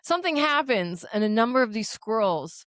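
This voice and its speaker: Young woman podcast host, loud laughy storyteller, swoopy voice, dry sound. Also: fairly high pitch, big pitch swings, normal speed, dry recording. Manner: loud, laughing storyteller who acts out quotes. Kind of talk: casual chat.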